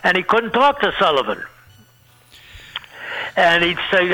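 An older comedian being interviewed rambles through anecdotes and laughs at his own punchlines. His high, sharp-toned voice swings widely in pitch at a slightly slow pace, and the audio quality is poor.

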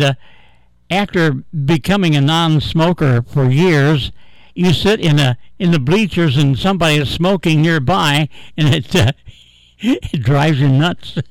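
A man's voice: on the high side, dry recording, poor audio. An older man hosting a local radio talk show, rambling and chuckling as he chats. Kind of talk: casual local radio chat.

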